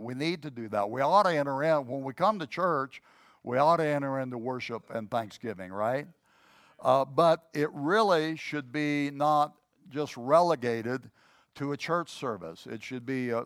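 A conversational preacher, dry and close. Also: male voice, mid-range voice, dry recording. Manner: conversational, with many fillers and restarts. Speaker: pastor. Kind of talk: sermon with a told joke story.

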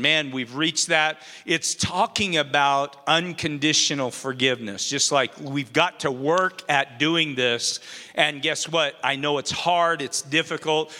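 A man preaching in a church sanctuary, his voice bright and a little high for a man. He retells scripture in loose, conversational words. A long reverb from the big hall trails behind him. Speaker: pastor. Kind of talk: sermon.

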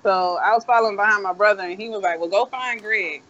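High-voiced man, dull lo-fi sound. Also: quick pace, bright, forceful tone. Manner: rambling, profane, laid-back. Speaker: co-host. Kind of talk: casual storytelling chat. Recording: dull lo-fi audio.

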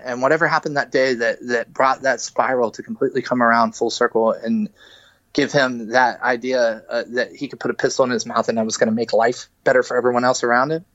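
A man speaking candidly on a podcast, his voice in a middle register and his words halting and full of restarts as he works through a painful story. The sound is dry and a little muffled. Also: medium pitch, fairly even intonation, a bit bright, dry recording. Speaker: guest, musician. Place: podcast studio.

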